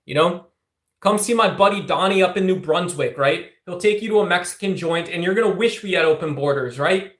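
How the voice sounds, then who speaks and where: A man from the Southwest United States hosts a political livestream and argues with chat, teasing and combative. He leans on fillers and restarts as he talks. His voice sits a little high and bounces around an echoey room. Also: fairly quick, fairly bright tone. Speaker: livestream host answering chat. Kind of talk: casual political livestream talk.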